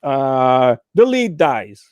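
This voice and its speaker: A man's voice: medium pitch, sing-song, drawn-out words, dry recording, studio quality. A man, a guest movie producer, chatting casually on a live stream and telling rambling stories with many fillers.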